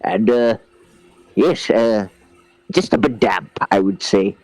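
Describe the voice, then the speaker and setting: A man's voice: lowish voice, slow, a little mellow, no echo, low-quality recording. A man voicing a small, polite male creature that lives in a glove, chatty and stammering.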